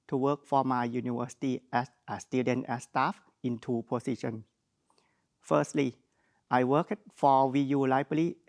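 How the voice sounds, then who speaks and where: A young man from Thailand with a Thai accent, giving an earnest formal graduation speech with non-native phrasing. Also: medium pitch. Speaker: graduate speaker.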